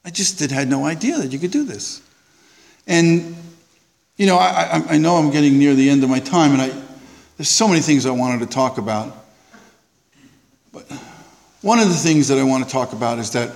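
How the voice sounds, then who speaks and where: A man sharing at a recovery meeting, telling a self-mocking, animated story that rises loud and high at the funny parts. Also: vocal fry, in a large hall. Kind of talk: storytelling share.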